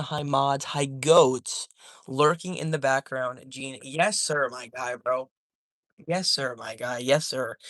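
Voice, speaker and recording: A man's voice: a little high, bright, forceful tone, no room sound, studio quality. A young man chatting casually on a live stream, rambling and joking as he reads the chat aloud.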